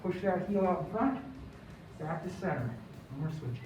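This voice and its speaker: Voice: medium pitch, lively intonation, normal speed, a little mellow, a little hiss or hum. Fitness coach in an echoey room. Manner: encouraging, counts down between exercises. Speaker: fitness instructor. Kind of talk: instructional workout coaching. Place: large echoey room, broadcast workout. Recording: echoey room, distant dull mic.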